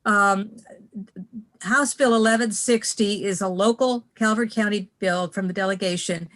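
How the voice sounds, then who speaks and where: A woman's voice: mid-range voice, steady tone, a little slow, fairly bright tone, rough recording. A woman on a legislative committee presenting a local bill in a plain, matter-of-fact floor report.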